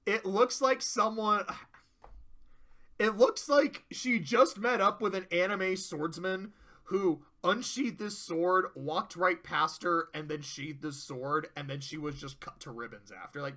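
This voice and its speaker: A man hosting a casual tier-list review, excitable, swearing freely and laughing often. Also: high voice, a little slow.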